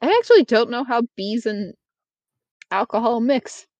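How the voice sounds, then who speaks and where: A woman's voice: a little high, big pitch swings, moderate pace, a little mellow, no room sound. A woman playing a tabletop game in casual chat, rambling and swearing offhandedly, on a slightly dull mic. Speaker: player.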